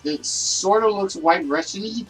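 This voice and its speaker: A man hosting a livestreamed list game show, talking loudly and excitably and chatting with his viewers. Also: high voice, a little slow, far from the mic, faint music behind, low-quality recording.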